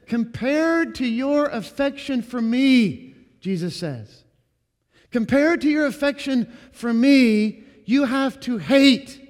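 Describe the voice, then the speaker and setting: High-voiced man preaching in a reverberant hall. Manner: earnest preaching, slowing and rising on key words. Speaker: pastor. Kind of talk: sermon.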